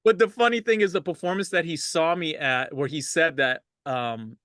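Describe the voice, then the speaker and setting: Middle-aged guy chatting easy in an interview, laughs a lot, bright tone. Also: on the high side, normal speed, no room sound, clean studio sound. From Los Angeles. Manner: laid-back, laughs often, animated when quoting others. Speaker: DJ, interview guest. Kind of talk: casual storytelling interview.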